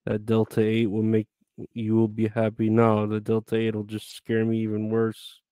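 A man's voice: on the low side, completely flat delivery, normal speed, warm tone, clean tone, no echo. A man chatting casually with viewers on a live stream, rambling, grumbling and swearing a lot.

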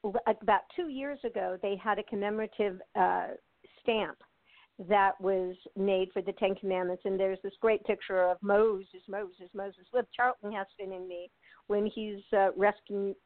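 Unhurried and medium-pitched, with fairly even intonation, an older woman from the United States chats as a guest in a phone interview that sounds tinny, dry, and close, without room sound. She talks in easygoing, rambling sentences, laughing a lot and using many fillers and restarts.

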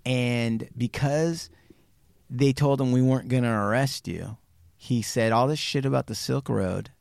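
A man's voice: unhurried, gravelly, a little mellow, dry recording. Male podcast host, storyteller, voices the people he quotes, dry close sound. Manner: acts out quotes with big pitch jumps, swears casually. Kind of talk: animated true crime storytelling.

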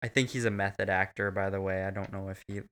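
A man's voice: sits low, little pitch movement, fast talker, fairly bright tone, smooth. A man co-hosting a casual, crude film recap chat, profane and laughing often. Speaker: podcast co-host.

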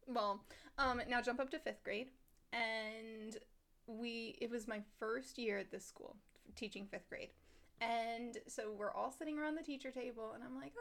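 A woman, a teacher, co-hosting a podcast in casual chat, chatty and quick to laugh. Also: fairly high pitch, fairly bright tone.

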